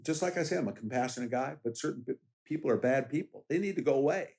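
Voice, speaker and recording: A man's voice: mid-range voice, quick pace, gravelly, a little mellow. A middle-aged man, a former law enforcement officer running for office, talking in a casual interview in a direct, emphatic way and telling anecdotes. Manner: emphatic, direct, tells anecdotes with quoted voices.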